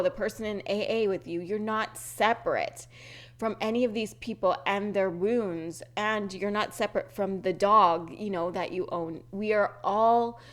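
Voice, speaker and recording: A woman speaks slowly, without a script, on a spiritual podcast. Her throat keeps catching with a tickle. She wanders, restarts her sentences and leans into earnest, repeated affirmations. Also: mid-range voice. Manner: rambling, searching for words, frequent restarts. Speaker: podcast host. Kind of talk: unscripted spiritual talk.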